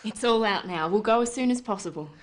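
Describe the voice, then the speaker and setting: An actress playing a reassuring young woman in a scripted drama for English learners, speaking gently. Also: medium pitch, quick pace, slight background noise, natural voice.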